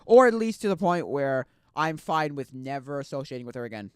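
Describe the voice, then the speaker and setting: A young man streaming casual chat, rambling and restarting, swinging between loud outbursts and quiet mumbles. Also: a little high, very animated, brisk, smooth, no echo, studio quality.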